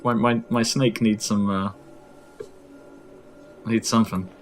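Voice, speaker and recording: A man's voice: lowish voice, flat delivery, slow, faint music behind. A man playing a puzzle game and chatting casually, joking around and muttering nonsense sounds while he thinks. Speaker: player of the game. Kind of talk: casual gameplay chat.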